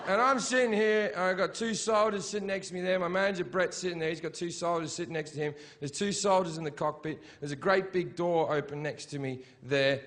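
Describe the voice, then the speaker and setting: A middle-aged man doing stand-up, his voice pitched fairly high for a man. He tells a story in a crude, brash way and jumps into yelled quotes at the punchlines. A faint hiss sits under the stage mic. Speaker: stand-up comedian. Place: comedy stage before a laughing audience.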